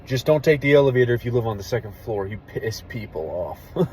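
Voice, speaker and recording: A young man, an army veteran, telling a story casually and candidly, with plenty of swearing and a hushed drop in voice at the tense parts. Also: mid-range voice, animated, a little fast, slight background noise, poor audio. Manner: candid, profane, drops to a hush for tense moments.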